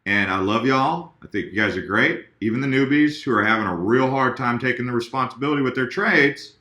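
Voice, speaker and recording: Chatty crypto host in an echoey room. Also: male voice, mid-range voice, brisk, sharp tone. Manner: chatty, addresses viewers directly, self-corrects. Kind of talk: casual chart talk to viewers.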